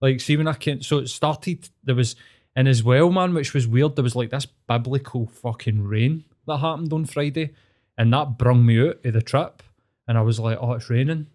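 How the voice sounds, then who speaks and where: A man's voice: medium pitch, moderate pace, darkish tone. A man with a Glasgow accent spins a long personal story in casual talk. He rambles, swears freely and leans on fillers, as a therapist chatting off duty. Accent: Scottish, Glasgow.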